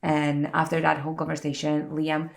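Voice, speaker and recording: A woman chatting in a relaxed get-ready-with-me vlog, her voice sitting low with heavy vocal fry. She talks in a chatty, animated way, full of "like" fillers. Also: normal speed. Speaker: vlogger. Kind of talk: casual get-ready-with-me chat.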